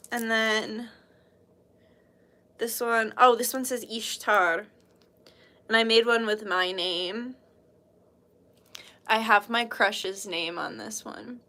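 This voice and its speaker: A woman's voice: medium pitch, pushed and bright. A British woman hosting a casual livestream, chatting in a bubbly, giggly, gushing way. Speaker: livestream host showing handmade jewelry.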